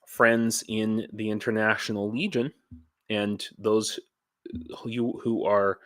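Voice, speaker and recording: Slow, low-voiced man ranting on a vlog. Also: steady tone, fairly bright tone, no room sound, studio quality. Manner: halting, rambling, many restarts and fillers; ranty, blunt with swearing. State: tired, dehydrated. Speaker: YouTuber and volunteer in Ukraine. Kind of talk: casual vlog monologue.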